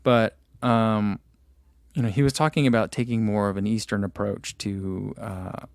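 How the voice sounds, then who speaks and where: A man from New Jersey hosting a running livestream, reading out viewer questions and answering in a relaxed, rambling way with lots of fillers. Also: lowish voice, a little slow, gravelly, smooth, no room sound. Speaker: running channel host.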